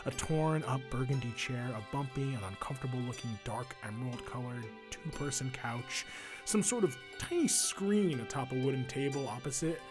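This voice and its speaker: A man's voice: mid-range voice, expressive, normal speed, over music. Man, game master narration, casual descriptive talk, fillers.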